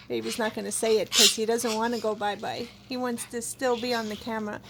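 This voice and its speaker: A woman's voice: on the high side, level tone, a little fast, gravelly, hardly any pauses. A woman chatting and laughing with her parrots in affectionate baby talk, filming them for a vlog. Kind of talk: casual vlog talking to parrots. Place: bird room full of squawking parrots. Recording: loud bird noise behind.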